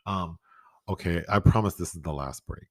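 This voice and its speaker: Low-voiced man chatting about a film. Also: moderate pace, no room sound, studio quality. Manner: animated, laughs often, acts out quotes. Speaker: podcast co-host. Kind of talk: casual film review chat.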